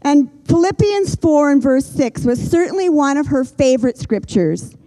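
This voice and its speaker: An older woman delivers a sermon in an earnest, gentle way. Her voice sits slightly high but sounds mellow and warm. She slows down and pauses to let key lines land. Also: animated, low-quality recording. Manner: earnest, gentle preaching with slow emphatic pauses. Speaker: pastor.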